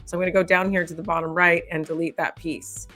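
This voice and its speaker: Female host, lowish voice, lively and chatty, soft music underneath. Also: quick pace. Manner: animated, laughs often, thinks aloud while editing. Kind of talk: casual tutorial chat.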